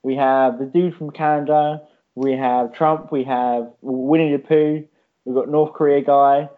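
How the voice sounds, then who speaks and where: A man's voice: medium pitch, fairly even intonation, a little slow. Rambling, swearing man on a podcast. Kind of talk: casual chat. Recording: dull lo-fi sound.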